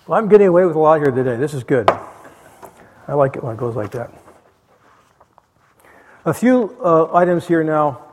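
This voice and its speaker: A man leads a church Bible study class, talking in an easygoing, rambling way full of fillers and false starts. His voice sits a little high for a man. It carries the long reverb of a large hall. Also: animated, moderate pace, long pauses, background noise. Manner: rambling, with frequent "you know" fillers and restarts. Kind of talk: conversational church class teaching.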